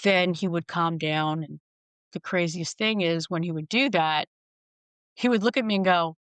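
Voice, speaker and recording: Her lowish voice is a bit bright and clean, moving at normal speed in a dry recording. A middle-aged podcast guest, she speaks frankly and wryly in candid storytelling, acting out the people she quotes.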